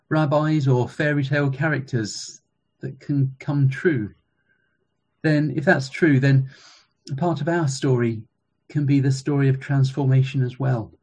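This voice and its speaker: A man, a former school chaplain, preaching a sermon in a measured, reflective storytelling manner. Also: mid-range voice, a little mellow, husky.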